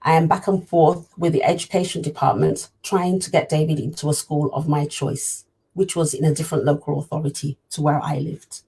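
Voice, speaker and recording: A woman's voice: deep voice, flat delivery, a little fast, creaky, dark tone, husky. A woman in an interview, earnestly telling her story as a parent and repeating phrases for emphasis. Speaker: parent sharing her experience. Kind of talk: personal storytelling talk.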